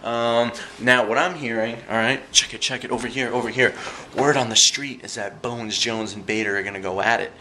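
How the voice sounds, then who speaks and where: A man giving an animated, slangy, jokey recap of fight events in a casual vlog. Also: medium pitch, a little fast, echoey room, slight background noise. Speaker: vlogger reviewing fight events.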